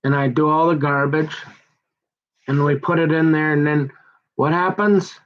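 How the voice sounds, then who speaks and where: A man's voice: a little high, steady tone. Aggrieved rambling man, muffled lo-fi sound. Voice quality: aggrieved, halting, full of restarts and stumbles. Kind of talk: rambling personal monologue. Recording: dull muffled lo-fi recording.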